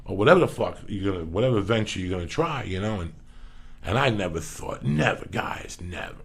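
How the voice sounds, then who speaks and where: A middle-aged man, a comedian guest, telling profane stories on a podcast in an animated way, swearing constantly and acting out the voices of other people. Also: lowish voice, a little fast. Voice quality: gravelly.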